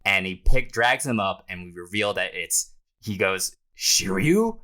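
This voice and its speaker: A man's voice: sits low, moderate pace, clean tone. A man co-hosting a podcast, recapping a manga chapter casually, laughing often and acting out the characters' lines. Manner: animated, laughs often, acts out panel dialogue. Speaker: podcast co-host.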